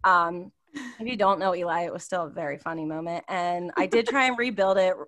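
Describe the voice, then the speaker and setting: A woman co-hosting a casual podcast chat, telling stories with lots of laughter and acting out quotes. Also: a little fast. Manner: animated, laughs often, acts out quotes in high voices. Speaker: podcast co-host.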